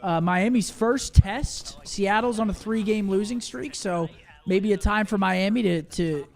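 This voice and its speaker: A young man with a notably high voice hosts a casual stream. He is laid-back and swears offhandedly while he walks through the upcoming matches. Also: measured pace, gravelly, a little mellow. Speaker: watch party co-host. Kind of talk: casual stream chat and wrap-up.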